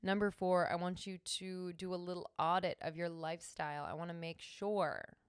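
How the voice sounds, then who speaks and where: A young woman with a low, very smooth voice talks through her own wellness practice on a solo podcast. She alternates slow, soothing guidance with brisk, emphatic bursts of encouragement. The sound is close and dry, with no room in it. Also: fairly even intonation, dry recording. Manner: slow, soothing guidance with hums and sung tones; breaks into brisk, emphatic pep-talk bursts. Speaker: podcast host.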